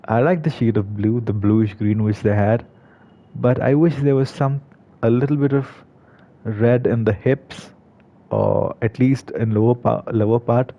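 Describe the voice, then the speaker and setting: Male game commentator, casual and halting, mid voice, somewhat lo-fi mic. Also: medium pitch, fairly even intonation. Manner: hesitant, many fillers and restarts. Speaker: gaming video creator. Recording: slightly dull lo-fi recording.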